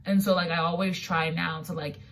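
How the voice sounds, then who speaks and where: Casting: woman in her twenties, low voice, lively storyteller heard a little far from the mic. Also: brisk, a little hiss or hum. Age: 20s. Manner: animated storytelling, acts out quotes, many fillers. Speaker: guest. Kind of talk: casual chat.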